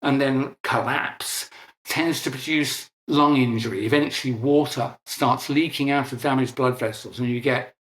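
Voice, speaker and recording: A man's voice: mid-range voice, fairly even intonation, normal speed. An older British man explaining technical matters earnestly in an interview, often restarting words. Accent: British English. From Britain. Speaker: interviewed scientist. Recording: echoey room.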